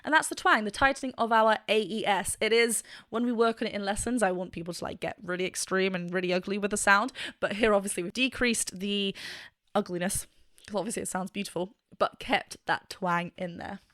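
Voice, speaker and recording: A woman's voice: medium pitch, fairly quick, a bit bright, no echo, studio quality. A woman vocal coach giving enthusiastic, explanatory commentary in a reaction video, now and then breaking into short sung demonstrations.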